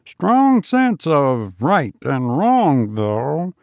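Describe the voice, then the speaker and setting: A man's voice: on the high side, huge pitch swings, very slow, gravelly, a little mellow, no echo, voice pushed up, exaggerated voice. A man voicing a broke young schemer with a light, mocking manner.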